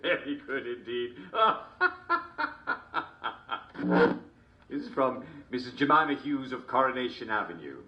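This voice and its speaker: A man's voice: mid-range voice, expressive, brisk, few pauses, dull audio, natural voice. A man playing a jovial, constantly chuckling TV host, mock-cheerful and smarmy. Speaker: show host. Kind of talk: comedic character monologue.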